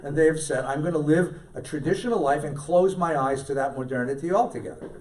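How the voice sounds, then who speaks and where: A middle-aged man, a rabbi, giving a lively lecture full of anecdotes and jokey asides, and repeating his key lines for emphasis. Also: a little high, quick pace, far from the mic. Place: synagogue hall.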